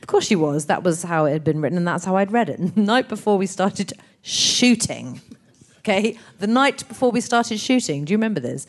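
Animated, expressive actress telling stories. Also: female voice, medium pitch, fairly quick. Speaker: actress and guest. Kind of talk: anecdotal interview chat.

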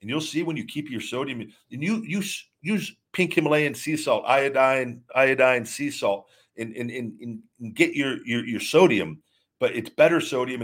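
A man hosting a live show, talking casually and emphatically with many restarts while reading viewer messages. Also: medium pitch. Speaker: host reading super chats. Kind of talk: live-stream casual talk.

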